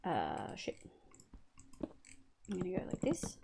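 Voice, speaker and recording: A woman's voice: lowish voice, wildly swooping pitch, takes it slowly, creaky, long pauses, noisy background. A young Australian woman streaming a building game, chatting casually, swearing freely and humming little sound effects as she works. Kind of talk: casual livestream chat while gaming.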